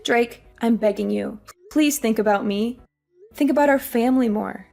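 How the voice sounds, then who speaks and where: An actress playing an exhausted young working wife, weary and pleading. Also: female voice, fairly high pitch, normal speed, creaky, dark tone, faint music behind. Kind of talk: audio drama acting.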